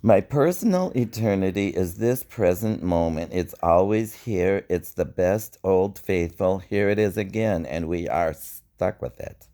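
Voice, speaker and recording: A man reading his own spoken-word poetry in a slow, wry, reflective way. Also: deep voice, dark tone. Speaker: poet.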